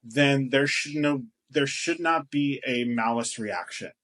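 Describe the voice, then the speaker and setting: A man's voice: mid-range voice, a little slow, a bit bright. A man co-hosting a casual podcast chat, loose and jokey, swearing and laughing often. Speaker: podcast co-host.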